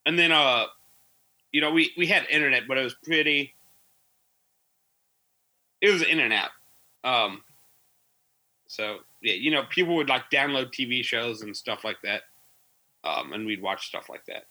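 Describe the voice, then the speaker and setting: Bright-voiced man telling army stories. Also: medium pitch, animated, measured pace, pauses often, poor audio. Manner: rambling storytelling with fillers. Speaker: army veteran guest. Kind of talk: casual podcast chat.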